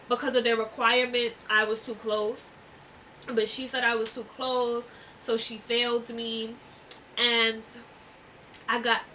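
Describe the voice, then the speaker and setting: A young woman vlogger tells a casual storytime in a bright, high voice, chatty and giggly with lots of fillers. She's recorded from a little distance, with faint background noise.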